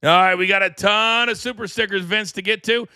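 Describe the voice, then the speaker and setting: Bright, energetic male talk-show host. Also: high-pitched, smooth, no room sound, clean studio sound. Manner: energetic, fast promo-style delivery. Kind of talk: live wrestling talk show. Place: studio.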